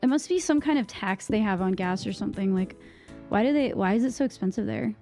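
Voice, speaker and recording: A young woman from Massachusetts with a Boston accent, chatting casually with her stream viewers, rambling with lots of fillers, on a boom-arm mic at home. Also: animated, fairly quick, dark tone, faint music behind. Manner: rambling, many fillers and restarts. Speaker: live streamer. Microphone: microphone on a boom arm.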